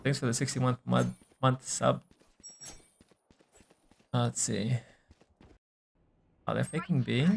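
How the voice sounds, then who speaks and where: A young man streaming, casually reviewing gameplay and coaching, relaxed and thinking aloud with lots of fillers and the odd swear. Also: medium pitch, takes it slowly, creaky, long pauses, slight background noise.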